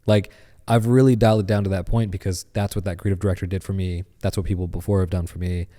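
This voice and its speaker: A man in his thirties, a podcast guest, telling a story in casual chat with lively animation. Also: low voice, fast, long reverb tail.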